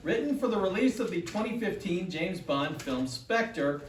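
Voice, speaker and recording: A man's voice: sits high, expressive, normal speed, slight background noise. A man as emcee of a live concert, introducing songs with jokey, pun-filled patter before an audience. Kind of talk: stage announcing between songs. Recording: echoey live hall from far off with audience.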